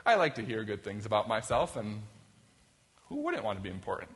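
Bright-voiced man preaching in an echoing hall. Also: lowish voice, wildly swooping pitch, brisk. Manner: conversational, plays quoted voices for effect. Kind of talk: sermon. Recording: long reverb of a hall.

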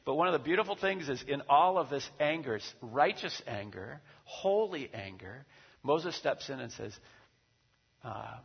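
Gravelly man preaching in a reverberant hall. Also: mid-range voice, a little slow. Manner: animated, acts out quoted voices with big swings in loudness. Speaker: pastor. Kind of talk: sermon. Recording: dull recording with long hall reverb.

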